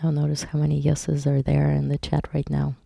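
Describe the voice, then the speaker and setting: A woman's voice: deep voice, monotone, fairly quick, gravelly, mellow, dry recording, clean studio sound. A woman hypnotherapist leading a live online workshop, reading viewers' chat aloud and explaining patiently, with some wordplay. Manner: plays on words while teaching.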